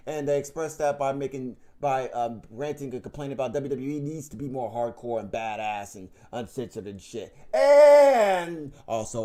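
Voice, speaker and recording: A YouTube commentator with a mid-range, dark-toned voice rants directly to his audience, unscripted and on camera. He's heated and profane, rambling and restarting his sentences again and again.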